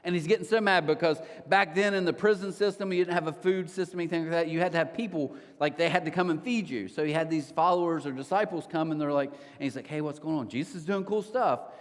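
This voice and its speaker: A man preaching a sermon as a pastor, telling a story casually with lively asides. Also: on the high side, fast, few pauses. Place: church auditorium. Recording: long hall reverb of a church auditorium.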